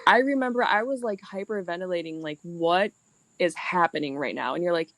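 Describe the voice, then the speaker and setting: A young woman hosting a casual chat, blunt and quick to laugh, swearing freely as she talks. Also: on the low side, dry recording. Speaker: podcast host.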